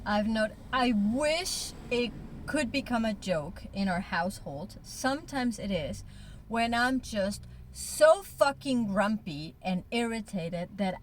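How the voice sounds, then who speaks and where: A woman's voice: mid-range voice, slight background noise. A woman in a candid couple conversation, talking frankly and emotionally, with blunt swearing. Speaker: co-host.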